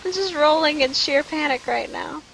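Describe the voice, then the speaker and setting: A woman's voice: sits high, normal speed, creaky, background noise. A young woman streaming a video game live, chatting with her viewers and joking as she panics at what happens on screen. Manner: jokey, panicky, talks to chat. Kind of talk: live gameplay commentary.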